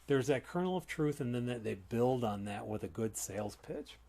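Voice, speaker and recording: A man's voice: mid-range voice, lively intonation, normal speed, creaky, mellow. A man who works as a respiratory therapist, hosting a live educational talk in a conversational, explanatory way with frequent restarts. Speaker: respiratory therapist and show host.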